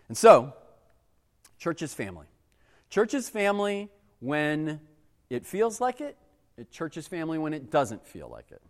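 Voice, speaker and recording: Man, pastor, casual sermon, conversational, lively swooping pitch. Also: long reverb tail. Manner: animated, conversational, acts out exasperated voices.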